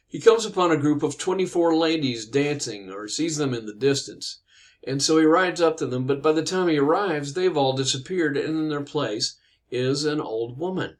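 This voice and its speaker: A man casually retelling an old tale, conversational, with fillers and asides. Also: a little high. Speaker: storyteller.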